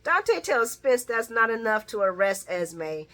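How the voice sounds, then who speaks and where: A woman chatting casually through a soap opera recap, sassy and quick to laugh, with slangy asides to the characters. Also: fairly high pitch, big pitch swings, a bit bright.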